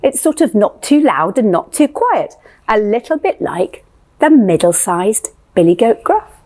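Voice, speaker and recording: A woman's voice: medium pitch, big pitch swings, a little slow, a little mellow. A woman leading a playful music lesson for young children, asking sing-song questions.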